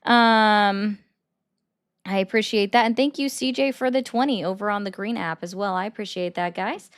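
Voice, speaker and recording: A woman hosting a political commentary livestream and taking callers, talking bluntly and arguing back fast. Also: medium pitch, smooth. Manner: blunt, argumentative, quick comebacks.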